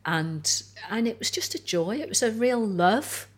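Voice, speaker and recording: A woman, a guest chatting over lunch and telling stories in a relaxed, chatty way. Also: medium pitch, unhurried. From North Wales. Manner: chatty storyteller, lots of "like" and "you know". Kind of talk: casual chat over lunch.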